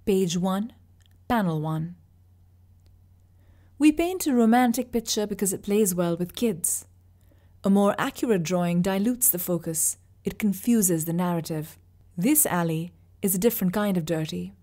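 A woman narrating a short story aloud in a steady, vivid reading. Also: medium pitch, measured pace. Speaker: reader. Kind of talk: audiobook narration.

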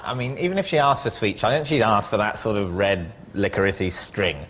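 Dry deadpan male team captain. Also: fairly low pitch, brisk, a little hiss or hum. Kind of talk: dry comic questioning.

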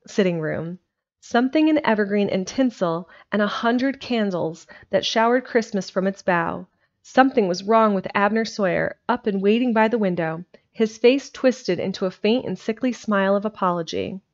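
A woman narrating an old storybook chapter with a gentle, expressive reading style. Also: mid-range voice. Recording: dull lo-fi home recording.

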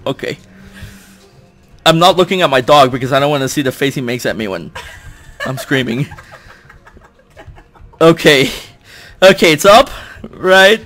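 Excitable young man yelling over a game. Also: medium pitch, normal speed, long pauses, faint music behind. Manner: excitable, shouts and groans in frustration, jokes at himself. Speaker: YouTuber playing a video game. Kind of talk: let's play commentary. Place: at home. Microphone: desk microphone.

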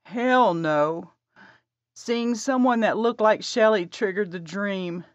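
An insecure, anxious young heroine, put on by a woman narrator. Her voice lifts higher and pleads, slow and emotional. The sound is dry and a little dull. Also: no echo, lightly acted. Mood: firm. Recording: dry, slightly dull audio.

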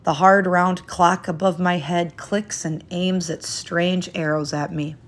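A woman reading a children's picture book aloud in a gentle, expressive, unhurried way. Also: fairly low pitch, slight background noise. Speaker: storyteller.

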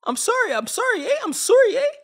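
A man voicing a mock, overly polite male Canadian TV host in a squeaky falsetto, apologetic and sing-song. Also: sing-song, fast talker, gravelly, exaggerated voice.

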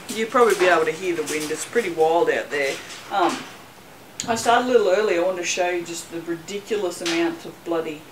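A woman's voice: on the low side, fairly bright tone, slight background noise, low-quality recording. A woman talking casually in a rambling, self-mocking way while making soap for her channel, with a bit of light swearing. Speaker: soap maker vlogger. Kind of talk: casual chatty vlog.

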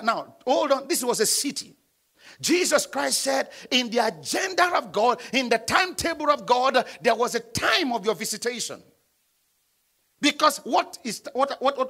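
A man, a pastor, preaching a midweek sermon in church, calling on the congregation to answer and bursting into shouts. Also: extremely high pitch, slightly rough. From Nigeria. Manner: preaching with sudden shouts and call-and-response.

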